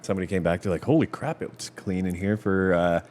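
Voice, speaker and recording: A man co-hosting a podcast, chatting in a relaxed, casual way over drinks in a pub. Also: low-pitched, quick pace. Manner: relaxed, says "man" and "like" a lot. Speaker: podcast co-host. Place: back bar of a pub.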